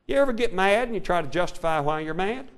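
A male preacher delivering a sermon, reading scripture in an old-fashioned cadence and swinging between loud declaration and quiet asides. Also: high voice, animated, quick pace. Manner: old-style King James reading cadence.

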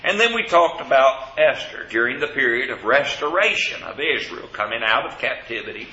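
A man's voice: mid-range voice, lively intonation, bright, forceful tone. Preacher man teaching in a roomy hall. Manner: slow, deliberate teaching with scripture quotes. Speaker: preacher teaching a Bible study. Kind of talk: evening Bible study sermon. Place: church classroom with a board. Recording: roomy, dull lo-fi recording.

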